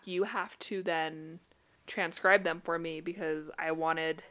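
In a relaxed podcast chat, this young Utah co-host spins stories animatedly, laughing often. Her voice keeps rising in quick little bursts of pitch.

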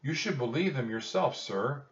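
A man's voice: mid-range voice, lively intonation, moderate pace, voice pushed up, lightly acted. A man voicing an earnest, brave young boy, speaking raised and earnest, heard as a dull, distant recording.

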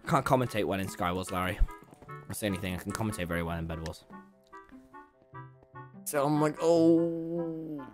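A man's voice: deep voice, brisk, long pauses. A young man, a gaming streamer telling a jokey story and acting out the voices. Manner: animated, jokey, acts out every voice. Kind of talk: casual storytelling while gaming. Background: faint game music.

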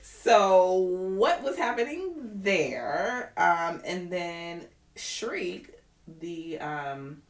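A woman's voice: fairly low pitch, extremely slow, roomy sound. A woman co-hosting a podcast, chatting casually and with strong opinions. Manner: animated, opinionated, quotes others. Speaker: podcast co-host. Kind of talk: casual chat.

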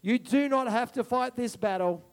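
A male preacher with a very high voice delivers an impassioned sermon. He repeats key phrases for emphasis and moves from soft asides to ringing declarations. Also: normal speed.

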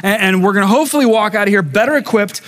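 A male pastor preaching from a stage microphone in a church sanctuary, his voice sitting high for a man. He keeps it conversational, putting questions to the congregation and talking with them rather than at them. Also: very fast, fairly bright tone. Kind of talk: sermon.

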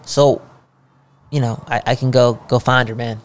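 A man's voice: mid-range voice, steady tone, moderate pace. A man co-hosting a podcast in casual chat, joking and slangy, from Canada. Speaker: podcast co-host.

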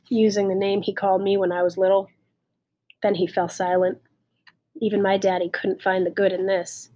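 A woman reading a children's novel aloud, tender and expressive. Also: mid-range voice. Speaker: audiobook reader. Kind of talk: audiobook narration.

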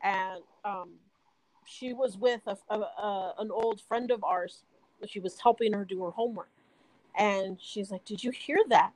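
A woman's voice: medium pitch, steady tone, unhurried, a little mellow, dry recording, poor audio. A woman, a guest in a casual chat, tells a story hesitantly with fillers.

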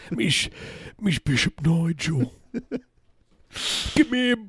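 A man voicing a brash, pushy bishop in an exaggerated mock British accent, barking orders in a husky voice. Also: on the high side, sing-song, drawn-out words, dry recording, clean studio sound, pitched above the performer's own voice, exaggerated voice. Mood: bossy. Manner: shouting, bossy, cartoonish.

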